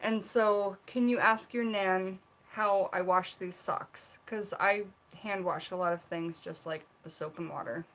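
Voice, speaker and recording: A woman's voice: medium pitch, fairly even intonation, a little slow, fairly bright tone. Female livestream host from South Carolina, chatty, reads viewer comments aloud, recorded in her bedroom. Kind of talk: casual livestream chat. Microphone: seated at own camera.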